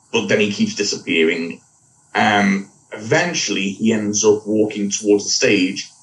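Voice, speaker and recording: A man with a lowish voice co-hosts a podcast, going over an episode in a casual, meandering way, catching his own mistakes and laughing at them. He's distant from the microphone, which is the wrong one picking him up.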